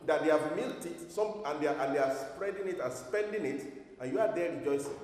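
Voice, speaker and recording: A man's voice: fairly high pitch, animated, a little fast, a crowd in the background. A man preaching a sermon to his congregation, emphatic, full of rhetorical questions. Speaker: pastor. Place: church hall. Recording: echoey hall from far off.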